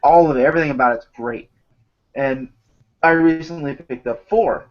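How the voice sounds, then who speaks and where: Animated, swearing man on a lo-fi mic. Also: a little high, normal speed. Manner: animated storyteller, swears a lot. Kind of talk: casual chat. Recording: dull lo-fi recording.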